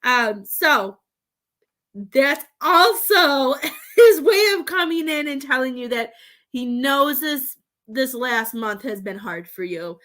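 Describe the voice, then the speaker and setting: A woman giving a live psychic reading, rambling with halting restarts and calling her sitters "love.". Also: high voice, animated, fairly bright tone. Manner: affectionate terms for sitters. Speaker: psychic medium.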